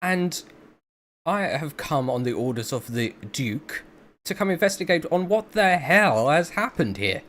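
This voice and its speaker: A man voicing a fierce, foul-mouthed female inquisitor in a tabletop game, shouting her contempt. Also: fairly high pitch, big pitch swings, unhurried, pitched above the performer's own voice. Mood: furious.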